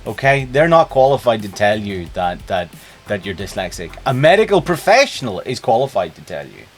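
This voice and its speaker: Animated man chatting on stream. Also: on the low side, fairly quick, soft background music. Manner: animated, chatty, jumps between topics. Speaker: game streamer. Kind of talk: casual live-stream chat.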